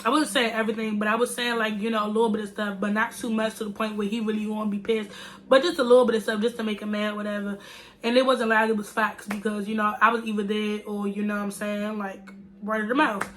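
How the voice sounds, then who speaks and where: A woman's voice: mid-range voice, flat delivery, fast talker, fairly bright tone, a little hiss or hum. A young woman vlogger telling a story to her viewers in a chatty, slangy way. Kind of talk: casual storytime.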